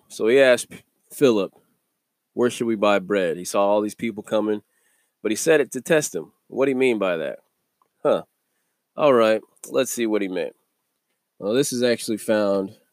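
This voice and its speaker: A man hosting a daily devotional video, teaching from the Bible in a relaxed, conversational way and chuckling between thoughts. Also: on the low side, dry recording, studio quality.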